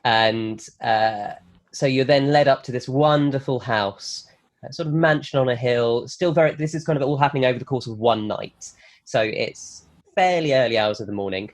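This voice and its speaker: A man pitches a film as a lively story on a comedy podcast, rushing through the plot and slipping into the characters' lines. His voice sits at a middling pitch. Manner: animated storyteller, quick, acts out quotes. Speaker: guest pitching a film idea.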